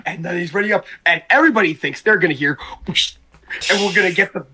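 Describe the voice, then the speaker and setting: A man with a high-pitched voice co-hosts a casual chat podcast. He tells stories with rising excitement and swears freely. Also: fast, slight background noise. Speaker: podcast co-host. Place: call with co-hosts.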